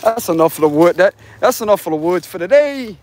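A tarot reader walks a wooded trail outdoors for a casual vlog, talking to his viewers in a laid-back, slangy, profane style and laughing often. His high voice is expressive, brisk, and a little mellow, with a little hiss or hum.

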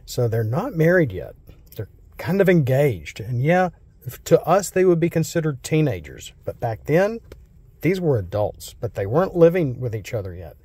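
An American man reading Bible verses slowly and solemnly, then explaining them in a casual, rambling way. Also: medium pitch, sing-song, warm tone, husky, no room sound. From United States. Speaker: Bible teacher.

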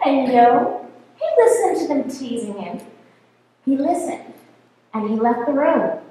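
A woman's voice: sits high, measured pace. Sing-song woman telling a folktale. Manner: lively, sing-song and laughing. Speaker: folktale storyteller. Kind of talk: oral storytelling to a congregation. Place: church sanctuary. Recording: echoey hall from far off.

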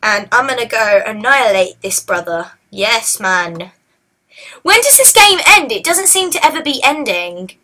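A woman hosting a casual let's-play, chatting and excitably yelling at the game. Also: on the high side, measured pace. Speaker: gaming channel host.

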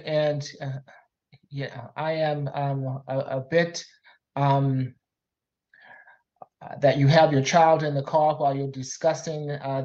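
A man serving as a judge, questioning a witness over a video call in a measured, stern way with frequent fillers. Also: a little high, darkish tone. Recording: lo-fi call audio.

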